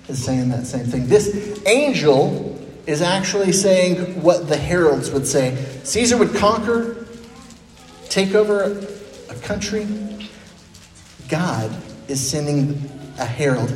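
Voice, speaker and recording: A man preaching a sermon in a lively, conversational way, acting out quotes with playful energy. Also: a little high, a little slow. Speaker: pastor. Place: church sanctuary. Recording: echoey church hall with faint noise.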